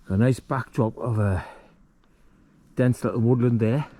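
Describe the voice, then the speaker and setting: A man's voice: medium pitch, a little slow, warm tone. Chatty man vlogging outdoors at dusk. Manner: chatty, self-mocking, rambling asides. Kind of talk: casual outdoor vlog talk. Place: outdoors on a damp hillside by water at dusk.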